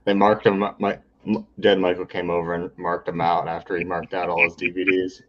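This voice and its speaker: Male host, lower voice, dry humor, relaxed questions; dull lo-fi sound. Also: brisk. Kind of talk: casual chat. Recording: dull lo-fi audio.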